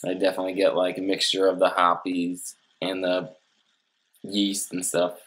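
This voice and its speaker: A man's voice: sits low, monotone, moderate pace, a bit bright, low-quality recording. A man in his thirties co-hosting a casual beer-tasting chat, laid-back and teasing. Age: 30s. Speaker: co-host.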